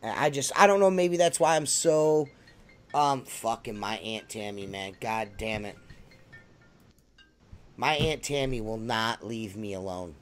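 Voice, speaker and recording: A man's voice: fairly low pitch, unhurried, faint music behind. A man hosting a casual podcast, ranting and joking with heavy swearing. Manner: brash, profane ranting. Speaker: podcast host.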